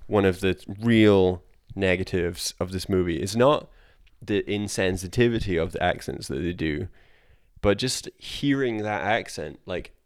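A podcast co-host with a low, smooth voice talks through a film at an unhurried pace. The sound is clean studio audio with no echo, and his chat is casual and rambling, full of "like" and casual swearing.

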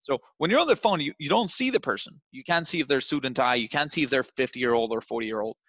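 Young male sales trainer, lively coaching delivery that slips into acted calls, dry and slightly dull recording. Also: medium pitch, quick pace, dry recording. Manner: animated, acts out phone calls in different voices. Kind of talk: coaching session on cold calling.

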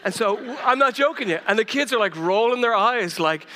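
A man's voice: high-pitched, animated, fairly quick, bright, forceful tone. A middle-aged man with an Irish accent preaching a sermon as lead pastor, telling humorous stories and laughing at himself. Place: large church auditorium. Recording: long reverb of a large church hall.

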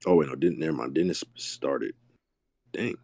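A man co-hosting a podcast, talking basketball in a laid-back way with drawn-out fillers. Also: rumbling low, gravelly, darkish tone, no room sound. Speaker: podcast co-host. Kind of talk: casual sports chat.

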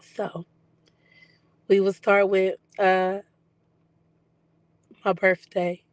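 A woman talks through her personal video journal in a loose, chatty way, her voice still coming back after weeks of illness. Her pitch stays fairly even and level, and the recording sounds dry and close. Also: drawn-out words, dry recording. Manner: chatty, relaxed storytelling with fillers. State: recovering from lost voice. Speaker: psychic medium vlogger.

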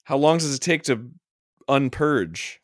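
A man's voice: mid-range voice, animated, a little slow, no echo, studio quality. A man co-hosting a casual podcast, laughing often and joking along. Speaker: podcast co-host. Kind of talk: casual chat.

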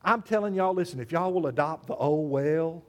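A man preaching to his congregation, his voice sitting noticeably high. He is animated and conversational, calls people out by name and jokes with them as he teaches. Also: quick pace. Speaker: pastor. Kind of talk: sermon.

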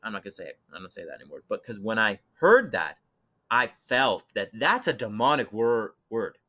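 A young man telling a personal eerie story as a podcast guest, animated, acting out voices and swinging from loud to hushed. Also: lowish voice, fairly quick. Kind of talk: dramatic storytelling in conversation.

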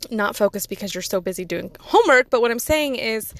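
A woman's voice: fairly high pitch, animated, brisk, fairly bright tone, no echo. Giggly woman in her thirties. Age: 30s. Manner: giggly, rambling, self-deprecating. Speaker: podcast host. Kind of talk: casual personal chat.

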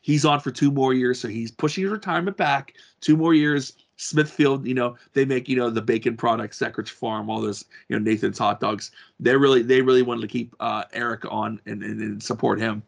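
A man's voice: medium pitch, fairly even intonation, a little fast, vocal fry, few pauses. A man co-hosting a podcast, chatting casually about motor racing, rambling with many restarts and fillers. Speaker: podcast co-host. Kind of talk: casual sports chat.

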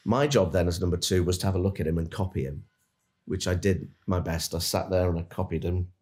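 A man, a dentist and business coach, guesting on a podcast and telling stories in an animated, earnest coaching tone. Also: low-pitched, a little fast. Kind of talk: casual podcast storytelling.

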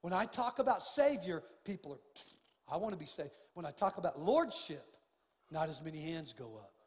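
An older man preaching a sermon as pastor, impassioned, swinging from hushed tones to loud outbursts. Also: on the high side, very animated, moderate pace, in a large hall. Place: church sanctuary.

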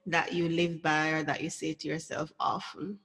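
A woman's voice: low voice, steady tone, normal speed, fairly bright tone. A woman hosting an interview, supportive, with frequent affirming murmurs. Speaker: podcast host. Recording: long reverb.

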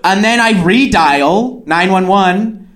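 Stand-up comic, middle-aged man, high voice, wry storyteller. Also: takes it slowly, crowd noise. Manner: wry, acts out quotes with shouting and laughter. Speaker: stand-up comedian.

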